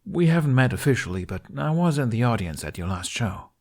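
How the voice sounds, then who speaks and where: A man's voice: medium pitch, very animated, fairly quick, darkish tone, voice pushed up. A man reading a story aloud, voicing a cheeky, teasing young man. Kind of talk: audiobook character voice.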